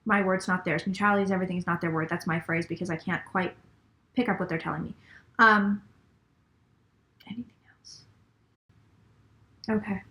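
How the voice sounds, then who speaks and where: Bright-voiced woman relaying psychic messages. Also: on the low side, steady tone, fast. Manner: relays messages in quotes, repeats phrases, drops to whispers. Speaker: psychic reader. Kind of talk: channeled psychic reading to viewers.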